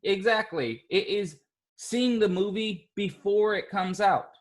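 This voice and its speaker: Slow, patient male teacher. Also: sits high. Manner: slow, patient, encouraging with children. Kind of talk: online class lesson. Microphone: computer mic on a video call.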